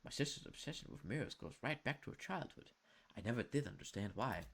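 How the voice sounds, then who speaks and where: A male game streamer reads eerie narration and quips in between. His voice is husky and lively in pitch, and he keeps a loose, playful manner. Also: quick pace.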